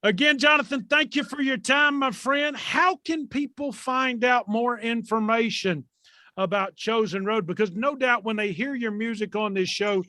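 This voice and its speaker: A man's voice: very high voice, moderate pace, sharp tone, no echo, clean studio sound. A man in his fifties hosting a podcast, joking in a jovial, folksy way. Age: 50s. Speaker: podcast host.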